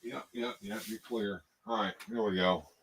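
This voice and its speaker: A man hosting a casual livestream, tired and out of breath, talking in halting, rambling bursts full of fillers and restarts. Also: on the low side, steady tone, noisy background. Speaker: livestream host. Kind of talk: casual livestream chat, reading viewer comments.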